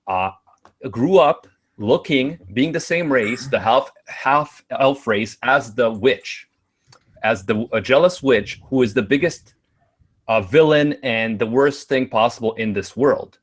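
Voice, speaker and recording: Brief: man, medium pitch, emphatic live-stream debater. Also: slightly rough. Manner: earnest, emphatic arguing, rhetorical questions.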